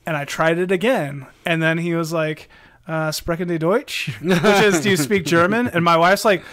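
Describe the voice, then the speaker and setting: A young man with a fairly high voice tells loose, rambling stories on a podcast, often restarting his sentences. His voice is close and dry, with no room sound around it. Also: normal speed, a bit bright, no room sound. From Minnesota. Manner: rambling storyteller, many restarts. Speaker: podcast co-host. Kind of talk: casual chat.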